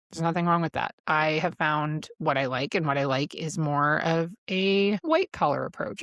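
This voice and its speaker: A woman's voice: low voice, dry recording, studio quality. A woman in her thirties hosting a podcast, telling her own story in candid casual chat, laughing often and swearing freely. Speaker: podcast host.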